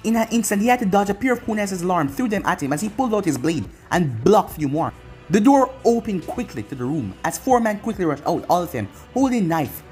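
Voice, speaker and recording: Fan fic reader narrating an anime story, really sing-song pitch, lil bit of music in the back. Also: sing-song, quick pace, darkish tone. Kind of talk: reading fan fiction aloud.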